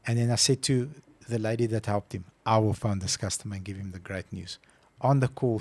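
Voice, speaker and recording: A man co-hosting a casual podcast, telling a story with lively acted-out phone calls. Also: fairly low pitch, brisk, dry recording. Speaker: podcast co-host.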